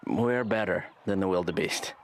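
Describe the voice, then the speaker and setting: An actor playing a lazy, idle young man in an animated series, talking in a mumbling, deadpan way. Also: low-pitched, normal speed, slight background noise, close to an everyday voice.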